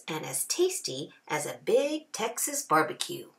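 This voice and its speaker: A woman kindergarten teacher reading a picture book aloud, expressive with drawn-out phrases. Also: deep voice, creaky.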